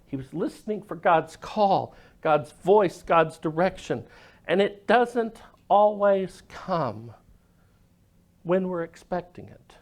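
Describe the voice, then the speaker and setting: Slow-spoken pastor with a lively high voice. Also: male voice. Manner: storytelling, dramatic drops to a hush. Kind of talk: sermon.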